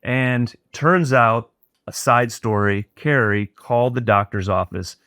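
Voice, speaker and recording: A middle-aged man tells a personal story as a podcast guest. He speaks at a mid pitch, earnest and reflective, and often restarts his sentences. The recording is close and dry. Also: slow pace, a bit bright, clear, resonant tone, dry recording.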